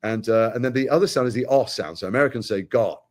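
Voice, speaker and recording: A middle-aged man from Britain, an actor chatting as an interview guest, telling animated stories with quick asides. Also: mid-range voice. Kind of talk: casual interview chat.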